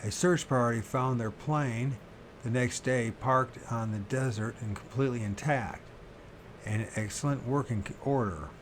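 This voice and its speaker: A man reading a book about strange disappearances aloud, slowly and haltingly, often restarting words and correcting himself. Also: mid-range voice, slight background noise. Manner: pauses to question his own pronunciation. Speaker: reader of a paranormal book.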